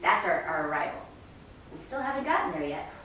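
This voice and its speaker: A woman's voice: lowish voice, very animated, a little fast, bright, forceful tone. A woman choir director explaining rhythm and breathing to singers and singing example phrases. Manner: explains and sings demonstration phrases. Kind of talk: choir rehearsal instruction. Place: rehearsal room. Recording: echoey room from far off, faint ambience.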